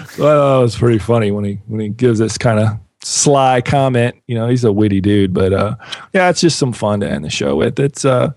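This podcast co-host speaks on the low side with lively intonation, a moderate pace, and a faintly mellow quality. He rambles in laid-back conversation and laughs a lot. Studio-quality audio, free of echo.

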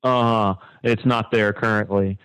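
A man co-hosting a casual talk show, animated and sarcastic, his voice leaping high when he mocks something. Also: unhurried, clear, resonant tone, dry recording, rough recording. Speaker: podcast co-host.

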